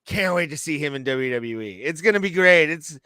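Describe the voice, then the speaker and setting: Male podcaster, excitable, profane, bright clear tone. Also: a little high, brisk, no echo, studio quality. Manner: excitable, laughing, profane banter. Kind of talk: casual chat.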